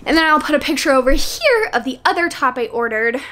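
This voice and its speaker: A young woman with a Midwestern American accent talks through a product review vlog in a casual, bubbly way. Her voice sits high, and she is eager and full of fillers as she chats. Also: lively intonation, fairly quick, a bit bright. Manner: bubbly and enthusiastic, many fillers. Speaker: vlogger.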